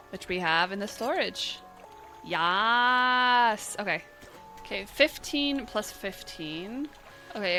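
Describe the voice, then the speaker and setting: A young woman chatting casually through a video game, thinking aloud, reacting with quick startled remarks, and reading the game's text aloud. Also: mid-range voice, sharp tone. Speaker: gaming channel host.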